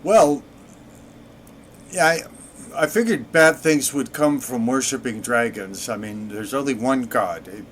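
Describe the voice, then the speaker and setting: A man talking over his own gameplay with dry, sarcastic asides, slow and unhurried in pace. His voice sits at a middling pitch with a faint hiss behind it. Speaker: let's play gamer. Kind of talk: gameplay commentary.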